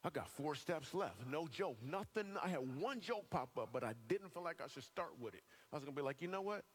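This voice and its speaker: A man in his thirties preaching a sermon to a live church audience, telling funny stories with lively joking asides. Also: fairly high pitch, slight background noise. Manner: animated storyteller, bursts of quick delivery and joking asides.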